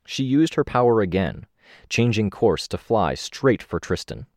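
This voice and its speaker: A man reading a first-person story aloud as an audiobook narrator, steady and measured, with lifts on the action beats. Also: fairly low pitch, no room sound, studio quality.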